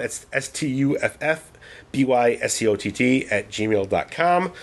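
A man co-hosting a casual movie podcast, swearing freely and retelling scenes in an animated way. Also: mid-range voice, moderate pace. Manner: profane, animated retelling with put-on voices. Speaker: podcast co-host. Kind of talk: casual movie review chat.

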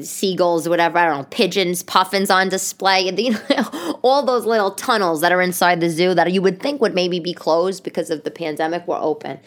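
A woman in her thirties hosting a casual solo podcast, rambling through stories and acting out other people's voices. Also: fairly low pitch. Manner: animated, rambling storyteller who acts out voices. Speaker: podcast host.

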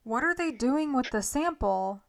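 A woman hosting a podcast, chatting casually with a guest and joking and reacting with quick interjections. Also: sits high, animated, vocal fry, no echo, clean studio sound. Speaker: podcast host.

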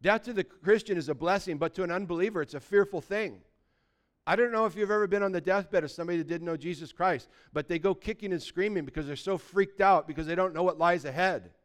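A man's voice: high-pitched, fast. A male pastor preaching a sermon in a conversational way, acting out little everyday dialogues.

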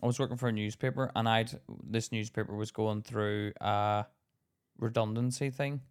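Animated man telling stories. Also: fairly low pitch, normal speed, clean tone. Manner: animated storyteller, acts out heated quotes loudly. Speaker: podcast co-host. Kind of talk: casual chat.

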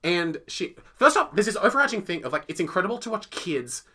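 A man's voice: sits high, sing-song, brisk, pushed and bright. A young man, chatting on a podcast, rambling and gushing with lots of "like". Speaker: podcast co-host. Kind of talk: casual chat, theatre review.

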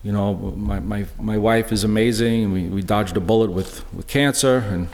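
Halting middle-aged man in echoey church. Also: lowish voice, steady tone, darkish tone, a little hiss or hum. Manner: halting and earnest, full of restarts. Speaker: lay speaker sharing a personal witness. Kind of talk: personal testimony talk.

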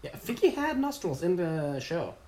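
A man's voice: fairly high pitch, sing-song, moderate pace, a little mellow. A man co-hosting a casual comic review, joking sarcastically and swearing often. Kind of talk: casual chat.

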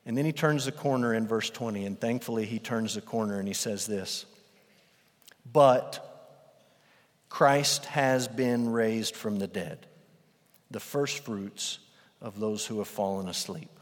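A man's voice: lowish voice, a little slow, long pauses. A man preaching a sermon as pastor, emphatic, repeating phrases for weight. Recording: long reverb of a large hall.

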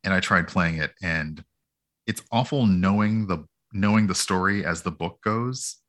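A man with a very low yet bright, forceful voice talks in a loose, rambling way. He sounds self-deprecating as a guest on a casual gaming podcast, and he picks up energy when something amuses him. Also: a little slow. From United States. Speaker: guest streamer.

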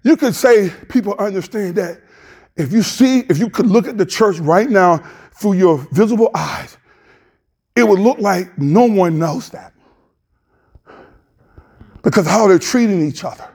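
A man's voice: sits high, unhurried, gravelly, pauses often, a little mellow, slightly rough. A male pastor, preaching a passionate sermon in a church, hollering with plain colloquial speech.

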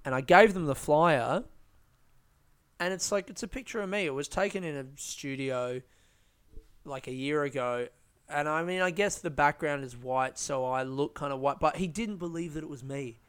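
A man's voice: fairly high pitch, moderate pace, fairly bright tone, clean tone. A young man, a comedian, telling a rambling story and ranting with lots of swearing in a casual monologue outdoors. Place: outdoors under a tree.

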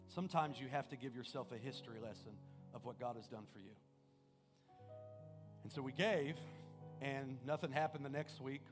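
Male pastor, earnest sermon storyteller, mid-pitched voice, soft guitar behind. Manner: storytelling, earnest, sways between loud and hushed. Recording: music playing behind the voice.

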